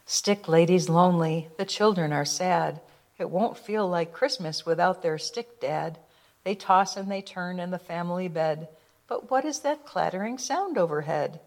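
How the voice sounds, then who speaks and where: A woman narrating a children's rhyming picture book with a gentle, rhythmic delivery. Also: on the low side, a little slow.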